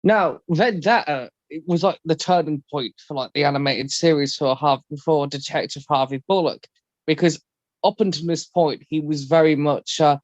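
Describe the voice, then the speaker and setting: A man's voice: moderate pace, dry recording, highs cut off. A man co-hosting a casual podcast discussion, rambling and acting out quotes. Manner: rambling, acts out quotes in high voices. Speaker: podcast co-host.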